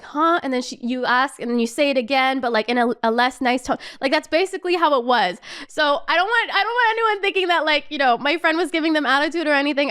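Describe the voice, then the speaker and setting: A young woman in her twenties hosting a casual chat show, telling a travel story in an animated, swear-filled way with lots of "like". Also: high voice. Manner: animated, swears a lot, says "like" constantly. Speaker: podcast host.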